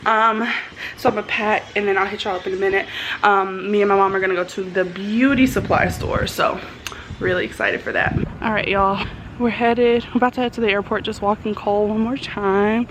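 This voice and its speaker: A woman's voice: medium pitch, fairly even intonation, a little fast, a bit bright, slight background noise. A woman in her twenties chatting casually and upbeat to her vlog audience. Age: 20s. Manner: chatty, upbeat, says "y'all". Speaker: vlogger.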